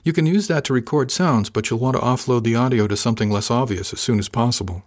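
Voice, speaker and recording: A man reading the part of a blunt, sardonic woman officer, speaking flatly and a little higher than his own voice. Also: quick pace, natural voice.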